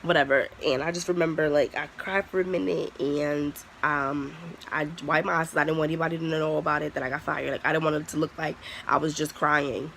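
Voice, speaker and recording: A young adult vlogger talks straight to camera in a loose storytime style, blunt and full of swearing. The voice has a gravelly, creaky edge and sits in a middle pitch. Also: steady tone, a little fast, fairly bright tone, slight background noise, low-quality recording. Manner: candid, profane, heavy use of "like". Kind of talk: casual storytime vlog.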